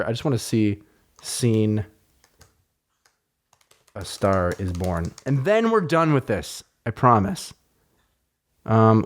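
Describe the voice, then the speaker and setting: A man hosting a podcast in casual chat, rambling and swearing freely, and poking fun at himself. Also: on the low side. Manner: rambling, profane, self-mocking. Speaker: podcast host.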